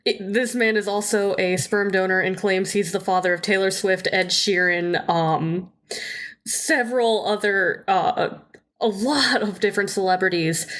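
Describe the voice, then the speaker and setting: A woman's voice: medium pitch, fairly bright tone. Chatty woman in casual podcast talk. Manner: chatty, laughs easily, many fillers. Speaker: podcast co-host. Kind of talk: casual chat.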